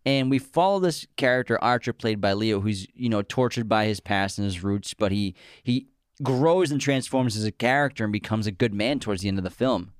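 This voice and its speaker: A man's voice: on the low side, fairly quick, clear, resonant tone, no room sound, studio quality. A man co-hosting a podcast, chatting casually and enthusiastically about films and summarizing their plots. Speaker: podcast co-host. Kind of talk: casual film discussion.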